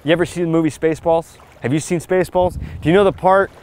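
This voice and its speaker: A man talking straight to camera on a beach in a punchy, emphatic vlog style, pitching marketing advice in short, hyped lines. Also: steady tone, fast talker, a little mellow, a little hiss or hum. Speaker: marketing vlogger. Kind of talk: casual vlog talk to camera. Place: outdoors on a beach.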